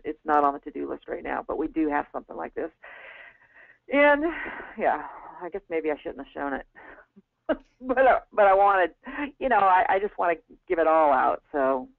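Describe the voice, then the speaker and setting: A woman's voice: deep voice, very animated, moderate pace, vocal fry, no room sound. A woman teaching a live webinar in a casual, rambling way, with frequent restarts and fillers. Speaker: webinar instructor. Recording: tinny phone-like line, dry.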